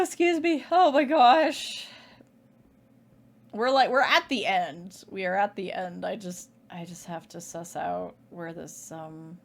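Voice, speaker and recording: Woman streamer, wry and sarcastic running commentary on a game, casual swearing, mid pitch. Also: gravelly. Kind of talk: let's play commentary.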